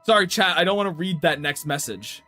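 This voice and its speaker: A high-pitched young man hosting a stream, bantering with his chat. He is playful and mock-indignant. Faint music plays behind him. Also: a little fast. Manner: animated, playful, mock-indignant with frequent laughs. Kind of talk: casual chat with stream viewers.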